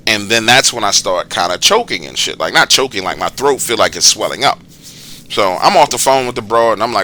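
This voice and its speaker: Lively profane man telling a story. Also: lowish voice, brisk. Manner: profane, slangy, animated retelling. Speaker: channel host telling his own paranormal encounters. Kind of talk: casual spoken storytelling.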